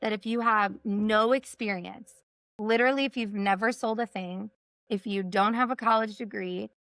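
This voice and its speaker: Appearing as a guest on a podcast, this sales coach and executive trainer from Texas talks with emphasis and repeats points for impact. She speaks at normal speed with a medium pitch, fairly even intonation and a fairly bright tone, on a dry recording.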